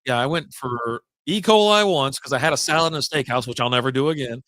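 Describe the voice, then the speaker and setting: A man hosting a relaxed happy-hour podcast, talking in a mid-pitched voice. He rambles from one anecdote to the next, drops casual curses, and sounds dry and close to the mic. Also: quick pace, no room sound. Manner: rambling, jumps between stories, swears casually. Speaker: podcast host. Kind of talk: casual beer chat.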